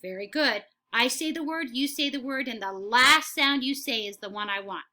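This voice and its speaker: A woman teacher leading a phonics lesson for young children, slow and encouraging, saying words for the class to repeat. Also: high-pitched, pushed and bright.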